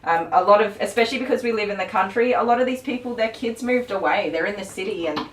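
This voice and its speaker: A woman's voice: mid-range voice, fast talker. A woman, chatting casually and telling stories while grooming on a live stream. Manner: chatty, storytelling, laughs often. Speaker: dog groomer and co-host. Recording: roomy echo from a distant mic.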